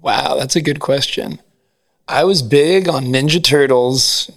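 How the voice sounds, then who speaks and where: A man from New Jersey, a singer-songwriter guest, answering in a relaxed, hesitant way with many fillers. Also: mid-range voice, a little slow. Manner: easygoing, hesitant, lots of fillers. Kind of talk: casual interview chat.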